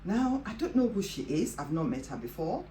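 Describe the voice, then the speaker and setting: Low-voiced woman telling a testimony. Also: sing-song, moderate pace, warm tone, a little hiss or hum. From Africa. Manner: earnest, peppered with "you know". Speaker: host of a Christian devotional show. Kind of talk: personal testimony storytelling. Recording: roomy with faint ambience.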